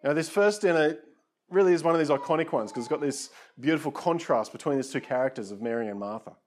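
A man's voice: on the high side, lively intonation, fast talker, slight background noise. A man preaching a conversational sermon, casual and self-deprecating, with frequent asides to his listeners.

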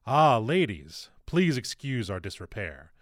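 A man voicing a calm, white-haired old male actor who leads a troupe, speaking in a deep, practised and florid theatrical manner. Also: a little slow, no room sound, clean studio sound. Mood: courtly. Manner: florid, courteous.

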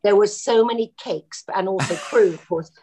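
A woman telling film-set anecdotes in a relaxed interview, often laughing as she talks. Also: mid-range voice, moderate pace. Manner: animated, laughing storyteller. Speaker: actress guest.

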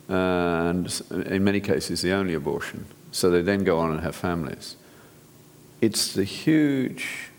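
A man's voice: low-pitched, in a large hall. A man, a physician, giving an earnest, direct sermon-style talk to an audience, often restarting his sentences. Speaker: physician speaker.

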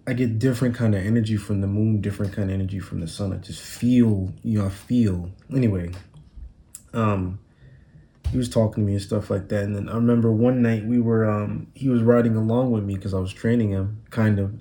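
A man's voice: on the low side, steady tone, a little fast, warm tone. Laid-back young man rambling on a phone. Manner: laid-back, rambling slang-heavy storytelling. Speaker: podcast host. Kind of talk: casual solo monologue. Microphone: phone recording.

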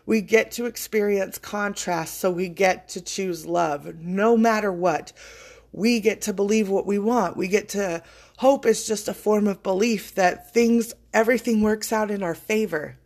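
A woman's voice: mid-range voice, a little slow, a little mellow. An earnest woman speaks straight to her listeners in a loose, motivational monologue. She is choked up with emotion, yet she stays heartfelt and drops casual swear words as she talks. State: choking up with emotion. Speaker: podcast host.

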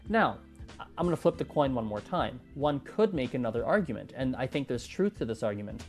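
A man's voice: mid-range voice, big pitch swings, brisk, soft background music. A man talking through his views on language learning in a loose, thinking-aloud monologue full of restarts and fillers. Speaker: language-learning content creator. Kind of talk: casual monologue.

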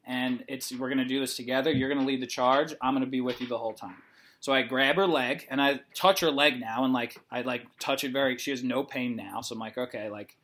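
A man's voice: mid-range voice, a bit bright. A young man casually telling a long story, rambling with lots of "like" and acting out the dialogue. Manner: rambling, heavy use of "like", acts out dialogue.

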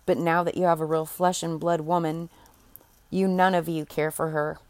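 A woman voicing a bold, sharp-tongued fairy godmother who scolds the court briskly, read as part of a storybook. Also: sits low, little pitch movement, dry recording. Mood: scolding.

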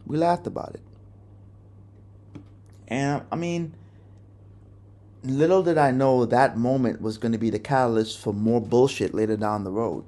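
A man's voice: medium pitch, unhurried, pauses often, dark tone. A young man hosting a podcast, telling a personal story in a candid, profane, rambling way with many restarts. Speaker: podcast host.

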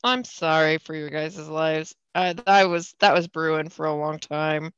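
A woman's voice: deep voice, unhurried, a bit bright, clean tone, no room sound, muffled recording. A tipsy woman hosting a podcast, reading a story aloud with giggling asides and apologies. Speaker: podcast host. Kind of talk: casual storytelling chat.

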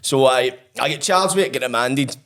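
A man's voice: mid-range voice, normal speed, fairly bright tone. A Scottish man telling his own story as an interview guest, blunt and profane, acting out old conversations.

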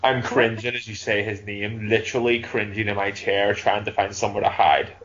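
A man's voice: lowish voice, flat delivery, fairly quick, a bit bright, dull audio, a little hiss or hum. A man co-hosting a casual podcast, groaning in mock-dramatic dismay. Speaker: podcast co-host.

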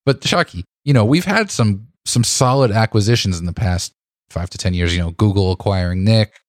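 A man with a fairly low voice, co-hosting a casual podcast chat. He talks in an animated, indignant way and stumbles through restarts. The recording is dry and close. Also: normal speed, no room sound. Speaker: podcast co-host.

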